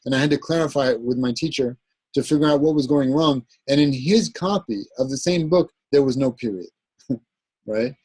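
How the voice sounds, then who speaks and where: A man with a husky, slightly breathy voice gives a classroom lecture on Arabic grammar. He explains step by step and keeps checking in with his students. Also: medium pitch, moderate pace, a little mellow, no room sound, low-quality recording. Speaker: Arabic teacher.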